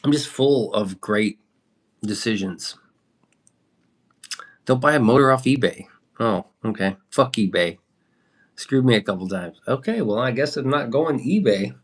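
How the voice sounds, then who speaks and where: His medium-pitched voice is animated but a little slow, with frequent pauses. He's a young man doing casual chat on a livestream, responding to viewers and swearing from time to time.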